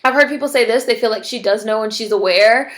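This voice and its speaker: A woman's voice: on the high side, fast. A woman vlogger giving a casual ranting commentary, blunt and profane, peppering her talk with "like". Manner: blunt, profane, filler-heavy with frequent "like".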